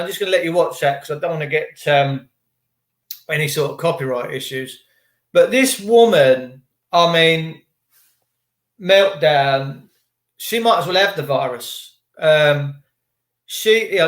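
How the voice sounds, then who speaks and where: A man ranting to camera in a rambling, indignant flow, throwing out question after question. His voice sits high for a man and rings in a roomy, echoey space. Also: measured pace, fairly bright tone. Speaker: vlogger.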